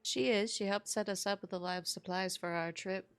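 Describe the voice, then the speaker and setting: A woman playing a tabletop role-play game, speaking gently and reassuringly. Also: medium pitch, fairly even intonation, a little fast, clean tone. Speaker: player.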